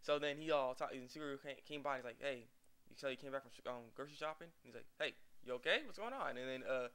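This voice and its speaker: Young guy rambling thru an anime recap, talks fast, bright voice, laughs a lot. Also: medium pitch, smooth. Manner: rambling, acts out characters' lines with laughs. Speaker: anime reviewer. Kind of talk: casual episode recap.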